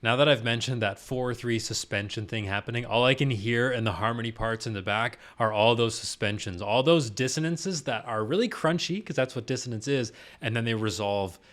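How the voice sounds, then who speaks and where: A man's voice: medium pitch, fairly quick, few pauses, fairly bright tone, a little hiss or hum. Man vocal coach explaining singing technique. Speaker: vocal coach reacting to a performance. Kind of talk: casual reaction commentary.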